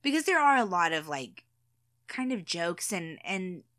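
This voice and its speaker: Bright-voiced woman chatting casually. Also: lowish voice, very animated, measured pace, dry recording, studio quality. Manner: chatty, hesitant, laughs often, many fillers. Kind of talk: casual chat about a TV show.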